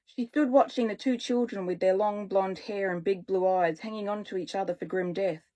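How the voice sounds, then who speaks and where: A woman's voice: medium pitch, steady tone, moderate pace, dark tone, lightly acted. A woman doing a sly old woman. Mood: knowing. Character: sly little old woman with a German-tinged accent.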